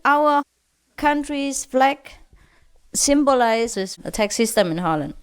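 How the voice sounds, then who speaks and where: A man's voice: very high voice, animated, slow pace, smooth, exaggerated voice. A woman voicing a Dutch man who jokes about paying taxes, with laughter running through the lines. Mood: joking. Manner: amused, chuckling while telling the joke.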